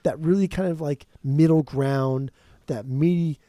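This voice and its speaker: A man in loose podcast chat, swearing often and arguing his opinions with lively energy. His voice is dark and mellow, and it is recorded dry and close. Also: a little high, unhurried, no room sound. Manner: animated, profane, opinionated. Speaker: podcast co-host. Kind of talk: casual music chat.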